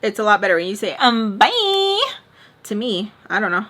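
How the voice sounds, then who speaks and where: Bright, animated storytime woman. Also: mid-range voice, quick pace. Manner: expressive, dramatic retelling with heavy "like" fillers. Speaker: storytime vlogger. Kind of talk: casual storytime chat.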